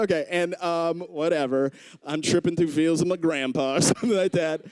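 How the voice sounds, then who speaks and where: A man's voice: high-pitched, moderate pace, dry recording. A young adult man doing stand-up, telling a story and acting out the people in it. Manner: animated, acts out voices of people in his story. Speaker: stand-up comedian. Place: comedy club stage.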